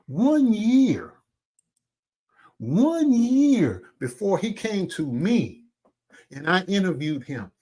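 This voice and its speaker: Angry guy vlogging a call-out rant, cussing, voice jumps all over from loud to low. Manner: eats while talking. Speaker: commentary vlogger.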